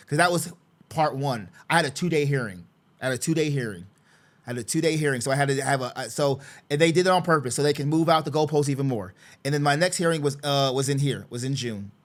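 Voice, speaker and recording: A man's voice: medium pitch, fairly bright tone. A man talking through his court papers in a casual walkthrough, repeating himself, sarcastic and exasperated. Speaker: father representing himself in a custody case. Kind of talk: casual screen-share walkthrough.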